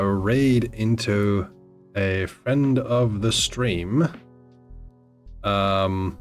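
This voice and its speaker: A man streaming a tabletop game session, speaking in a halting way full of fillers. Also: mid-range voice. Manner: halting, filler-heavy speech. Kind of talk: casual chat.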